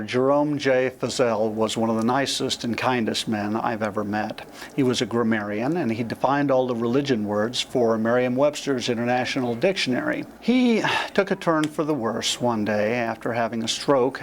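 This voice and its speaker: A man with a mid-range voice gently recalls his father. A faint hiss sits under the recording. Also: mid-range voice. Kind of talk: storytelling anecdote.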